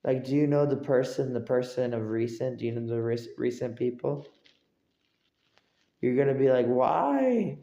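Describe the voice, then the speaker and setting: A man's voice: mid-range voice, level tone, normal speed, long pauses, dark tone, reverberant. A man streaming, rambling and repeating himself as he keeps asking listeners if they agree. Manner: rambling, repetitive, asks for agreement. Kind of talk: casual livestream rambling.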